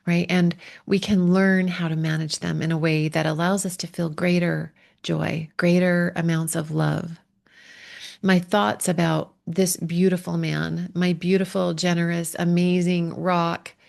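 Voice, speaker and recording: Gravelly-voiced woman coach, heartfelt and emotional. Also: fairly low pitch. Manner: heartfelt, emotional, pausing to steady herself. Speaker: relationship coach. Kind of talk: personal podcast monologue.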